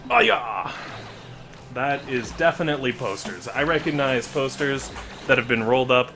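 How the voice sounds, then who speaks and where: A man's voice: mid-range voice, moderate pace, noisy background. A man giving casual, rambling gameplay commentary with joking asides. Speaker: gaming video creator.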